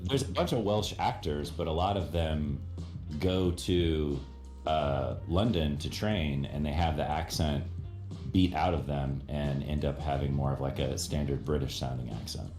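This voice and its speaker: A man from Eastern Washington in relaxed casual chat. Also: rumbling low, a little slow. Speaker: co-host. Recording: roomy echo, faint music.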